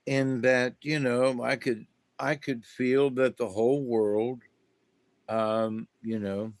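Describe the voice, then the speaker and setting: A man's voice: mid-range voice, dry recording. A middle-aged man giving a meandering spiritual monologue, with many fillers and restarts. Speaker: spiritual talk host. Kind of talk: rambling casual monologue.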